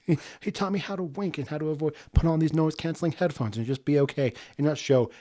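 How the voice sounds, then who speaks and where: A man's voice: a little high, quick pace, dark tone. A man co-hosting a casual movie review podcast, laid-back and profane, laughing often. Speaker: podcast co-host. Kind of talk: casual film review chat.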